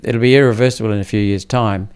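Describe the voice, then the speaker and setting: A man's voice: on the low side, fairly even intonation, fast, darkish tone, clear, resonant tone. A man born in India, a senator speaking as a podcast guest, blunt and emphatic in casual interview talk.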